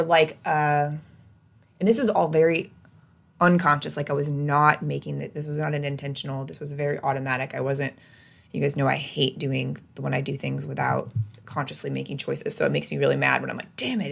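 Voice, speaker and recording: Woman podcast host, casual self-help monologue, deep voice, vocal fry, confiding. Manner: candid, confiding, swings between lively and hushed.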